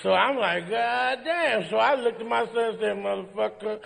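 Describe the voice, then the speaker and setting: High gravelly man telling rowdy jokes. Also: normal speed, noisy background. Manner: rowdy, laughing through punchlines, shouting quoted lines. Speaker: comedian guest. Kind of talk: comic storytelling on a live talk show. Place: ballroom stage before a live audience. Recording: echoey ballroom, long reverb.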